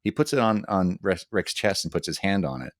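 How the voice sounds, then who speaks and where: Deep-voiced man talking fast. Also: no room sound, clean studio sound. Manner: fast, animated retelling with restarts. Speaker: podcast co-host. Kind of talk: casual TV discussion.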